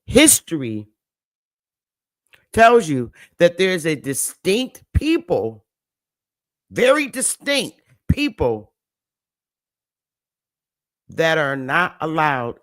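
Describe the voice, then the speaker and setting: A man talks on a livestream, pressing each point home and repeating words for weight. His voice sits fairly high and he speaks very slowly. The sound is dry and close. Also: huge pitch swings, no echo. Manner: slow, emphatic, repeats key words. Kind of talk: livestream talk.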